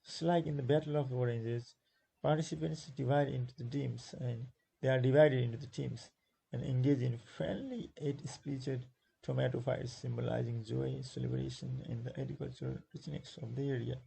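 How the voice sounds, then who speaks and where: Gravelly, husky Nepali-accented male teacher. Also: mid-range voice, steady tone, mellow, poor audio. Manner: repeats words slowly to stress syllables, with many fillers; switches into Nepali to explain. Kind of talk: exam-prep lesson explaining a textbook.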